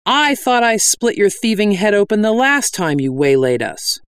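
A man voicing a gruff, cranky middle-aged woman sword fighter in a storybook reading, snappish and quick to anger. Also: on the high side, lively intonation, dry recording, clean studio sound. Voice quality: irritable, snappish.

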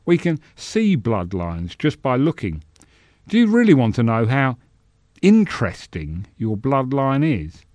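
A man's voice: mid-range voice, sing-song, measured pace, a little mellow, dry recording. A man doing a sly old wizard. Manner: cool, murmuring, faintly mocking. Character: old male wizard, calm, sly and probing. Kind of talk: storybook reading.

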